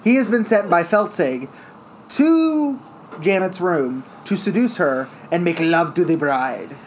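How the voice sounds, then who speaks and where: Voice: medium pitch, animated, a little slow, slight background noise. A speaker in casual chat retelling a story step by step, now and then acting out quoted lines.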